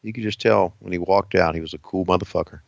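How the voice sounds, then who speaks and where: A man's voice: deep voice, fairly even intonation, fast talker, creaky, no echo, lo-fi sound. A man cohosting a podcast, chatting casually, swearing a lot and laughing easily. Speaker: podcast co-host. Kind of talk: casual profane chat.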